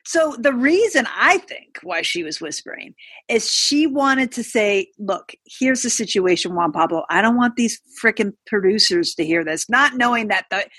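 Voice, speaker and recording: A woman's voice: fairly high pitch, animated, normal speed, a bit bright, breathy edge, no room sound. A woman guest on a podcast, chatting casually and rambling with many fillers and restarts. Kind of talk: casual chat.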